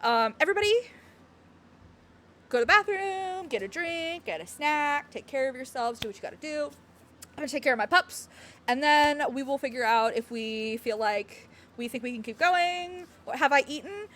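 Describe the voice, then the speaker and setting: A woman's voice: high-pitched, expressive, moderate pace, fairly bright tone. Bubbly giggly woman streaming. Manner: bubbly, giggly, rambling with fillers. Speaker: game streamer. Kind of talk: casual live-stream chat.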